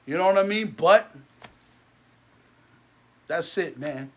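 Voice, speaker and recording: High-pitched guy ranting angry into the camera, bitter, repeats himself a lot, trails off quiet. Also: lively intonation, slow pace. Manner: repetitive, many restarts. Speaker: movie theater owner.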